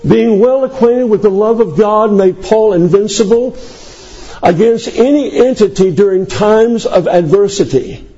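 A male preacher delivering a sermon, emphatic and climbing into high declamation. His voice sits high but sounds mellow and warm. The recording is dull and lo-fi. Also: measured pace. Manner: emphatic, rising to high declamation on scripture lists.

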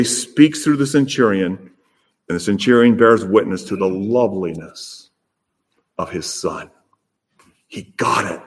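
A man preaching a sermon, rising to loud emphatic peaks and then dropping to soft, low phrases.

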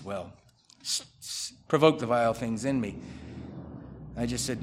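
A male pastor delivers a sermon in a conversational way, mid-pitched for a man. He swings between loud, emphatic bursts and quiet asides. He acts out the people he quotes in his own voice. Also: expressive, a little slow, long pauses.

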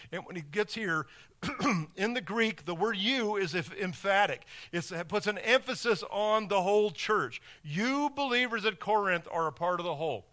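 High, bright-voiced male preacher. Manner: conversational, with rhetorical questions and sports analogies. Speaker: pastor. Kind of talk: sermon.

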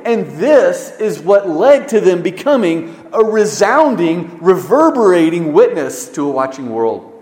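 A man preaching a sermon as pastor, swinging between loud emphasis and hushed, low stresses. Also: sing-song, a little slow. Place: church sanctuary. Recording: echoey church hall.

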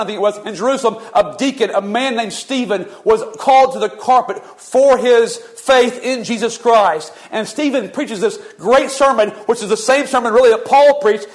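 A male pastor delivering a sermon, retelling scripture as a vivid, flowing story. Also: high-pitched.

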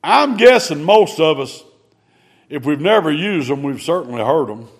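A man preaching a sermon in a folksy, conversational way, swinging between loud emphasis and hushed asides. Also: on the high side, lively intonation, normal speed, breathy edge.

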